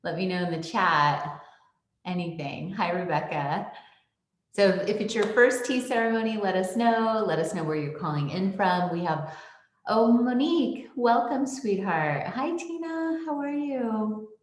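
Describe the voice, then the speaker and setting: A woman's voice: mid-range voice, animated, a little slow, echoey room. A woman hosting a live online tea ceremony from her small home tea room, greeting viewers by name with bubbly exclamations. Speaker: host.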